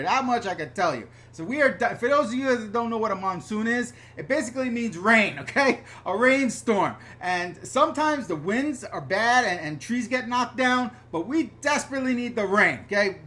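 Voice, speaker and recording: Bright-voiced excitable live-stream host man. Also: very high voice. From New York / New Jersey area. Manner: excitable, rambling, swears casually. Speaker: YouTube channel host. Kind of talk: casual live-stream Q&A, reading viewer comments. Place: upstairs room at home.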